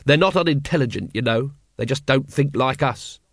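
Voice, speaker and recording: A man's voice: mid-range voice, normal speed, no room sound, natural voice. A man reading an audiobook, voicing a weary, blunt middle-aged watch captain with a terse, dry manner. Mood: grim.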